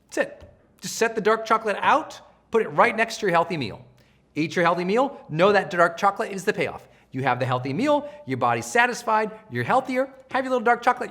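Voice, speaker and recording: A middle-aged man giving a live coaching session, energetic and animated, often acting out the voices of people he quotes. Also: sits high, brisk. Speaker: self-help trainer.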